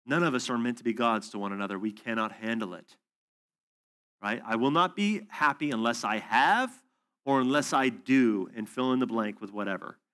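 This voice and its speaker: A man's voice: medium pitch, normal speed, a bit bright. A man teaching at a faith conference, telling stories in a casual, conversational way with fillers and asides. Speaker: preacher.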